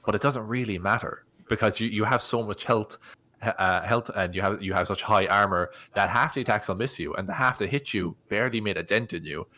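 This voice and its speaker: Low-voiced man explaining game rules. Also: fairly quick, bright, forceful tone. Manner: enthusiastic, explains rules in detail. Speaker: podcast co-host. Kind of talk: casual chat about tabletop games.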